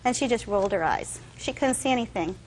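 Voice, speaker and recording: A young woman, a touch high in pitch, gives courtroom testimony as a defendant. She recounts a heated incident earnestly, slipping into the voices of the people she quotes. She speaks from the stand in a courtroom set. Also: lively intonation, quick pace, a little hiss or hum, rough recording. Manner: earnest, tells events with quoted dialogue.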